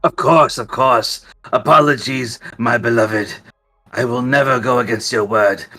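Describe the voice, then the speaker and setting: A man's voice: mid-range voice, a little slow, pushed and bright. A man voicing a fawning, lovestruck undead male creature in a tabletop game, groveling and adoring.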